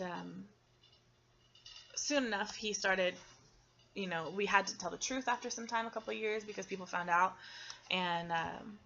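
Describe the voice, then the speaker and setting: Earnest woman giving halting personal testimony. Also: on the low side, gravelly, a bit bright, highs cut off, a little hiss or hum. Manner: earnest, halting, with frequent ums and restarts. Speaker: testimony speaker.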